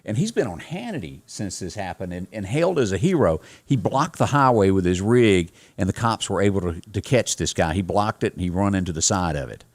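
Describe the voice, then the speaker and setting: A man hosting a casual news show, folksy and halting with many fillers. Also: low voice, lively intonation. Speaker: host.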